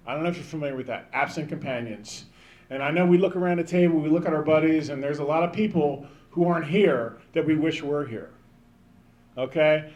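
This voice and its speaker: A man in his fifties giving a rambling, joking banquet speech, calling out to people in the crowd. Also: fairly high pitch. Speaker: banquet speaker.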